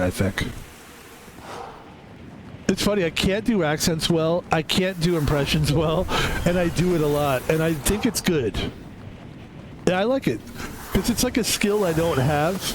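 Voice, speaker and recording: A man's voice: on the high side, noisy background. A man streaming a video game, chatting casually in a rambling, profane, self-deprecating way. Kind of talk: casual rambling gameplay commentary.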